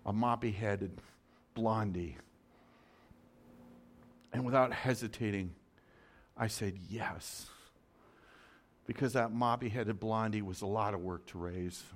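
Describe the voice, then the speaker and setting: A man preaching a sermon as a story, dramatic, moving from loud urgency to soft, hushed lines. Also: lowish voice, measured pace, a little hiss or hum. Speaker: pastor.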